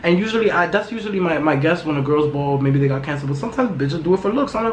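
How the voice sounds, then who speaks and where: A woman hosting her own podcast in a casual, loud, profane and gossipy way. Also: low voice, animated, very fast. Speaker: podcast host. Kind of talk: casual solo podcast chat. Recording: echoey room with faint background noise.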